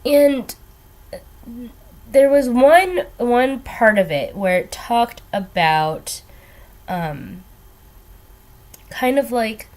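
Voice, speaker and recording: A woman's voice: on the high side, expressive, drawn-out words, pauses often, a little mellow. A young woman chatting casually while doing her makeup at home, rambling and hesitant with lots of ums and trailing asides. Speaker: beauty vlogger. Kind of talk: casual get-ready-with-me chat.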